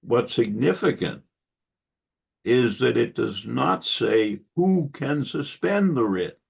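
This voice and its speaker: A man giving a history lecture to a club audience, measured and given to wry asides. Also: medium pitch, expressive, vocal fry, slightly rough. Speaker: guest lecturer. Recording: dull lo-fi recording.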